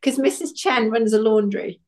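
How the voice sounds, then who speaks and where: A woman's voice: on the high side, normal speed, a little mellow. A British woman co-hosting a casual TV rewatch podcast, chatty and enthusiastic, often correcting herself. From Britain. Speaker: podcast co-host. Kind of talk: casual chat.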